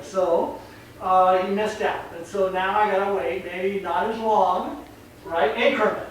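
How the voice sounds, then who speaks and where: Brief: high-voiced male dog trainer, rambling casual talk, faint noise in the background. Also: fairly even intonation, a little slow. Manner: rambling, chatty, acts out voices. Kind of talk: casual explanation on camera. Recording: very echoey, distant mic, faint noise.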